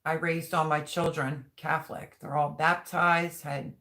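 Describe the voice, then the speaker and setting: A woman's voice: low voice, flat delivery, measured pace, creaky, fairly bright tone. A middle-aged woman hosting a live stream, chatting casually and rambling as she reads viewer comments aloud. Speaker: livestream host.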